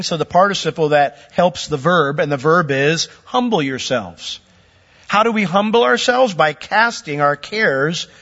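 A middle-aged man preaching a sermon, explaining scripture with emphatic rises in his voice. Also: fairly bright tone. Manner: expository teaching with emphatic pitch lifts. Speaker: pastor. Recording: dull reverberant hall recording.

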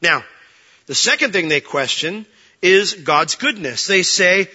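A man preaching a sermon with emotion, moving between raised passionate delivery and quiet reflective speech. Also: sits high, lively intonation, a little slow, husky, lo-fi sound. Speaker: pastor.

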